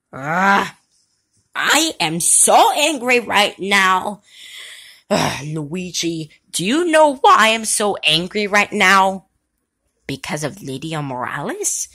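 A woman's voice: mid-range voice, bright, forceful tone, heavily acted. A woman doing Mario, an angry plumber. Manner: hot-tempered, exclaiming. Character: angry excitable male plumber.

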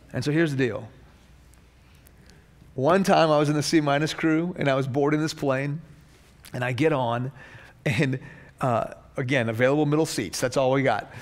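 A man's voice: a little high, fairly bright tone. A man preaching a sermon as a pastor, telling stories with acted-out dialogue and building to passionate emphasis. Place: seminary chapel.

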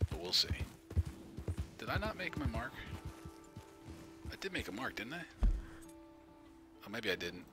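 A man's voice: mid-range voice, very animated, unhurried, pauses often, music in the background. A man streaming a game live, chatting casually, greeting viewers by name and laughing often.

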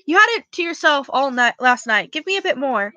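A woman voicing an earnest eleven-year-old orphan boy in a home audiobook reading, hushed and intent. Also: high voice, lively intonation, fairly quick, dry recording. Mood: insistent.

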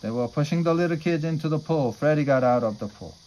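A man reading a children's storybook aloud in a plain, steady manner. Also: a little high, fast talker, poor audio. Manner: plain, steady read-aloud delivery with small slips. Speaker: storybook reader.

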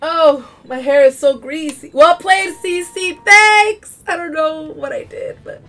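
A woman chatting excitedly while playing a video game, often shrieking and laughing. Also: sits high, unhurried. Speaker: gamer playing on stream. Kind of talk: casual gaming commentary.

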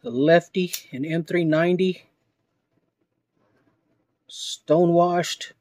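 A man with a slightly high voice slowly narrates an unboxing, pausing over each piece. He breaks into excited, awestruck exclamations. The sound is dry and close, with no room echo. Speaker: knife collector vlogger.

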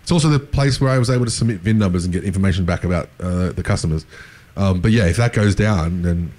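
Male panelist, low voice, blunt casual delivery with the odd swear word. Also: quick pace, a little mellow. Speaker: security researcher on a panel.

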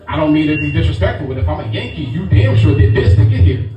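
A middle-aged comedian from Brooklyn, New York, does a brash, profane stand-up set, teasing the crowd at a comedy lounge. His voice is on the high side, animated and fast. The muffled recording sounds like an echoey club heard from far off, with music and crowd noise.

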